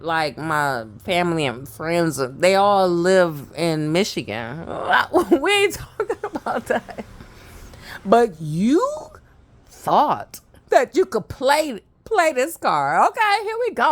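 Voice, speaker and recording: Her voice is medium in pitch, very animated, slow, and fairly bright. She's a woman vlogger speaking straight to her viewers in a chatty personal story, laughing a lot and wandering into fillers and side comments.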